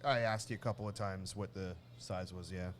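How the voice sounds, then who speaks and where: A man co-hosting a casual podcast, telling a long family story with many restarts and lively acted-out bits. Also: low-pitched, brisk, a little hiss or hum. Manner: rambling, restarts often, animated when telling a story. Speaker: podcast co-host.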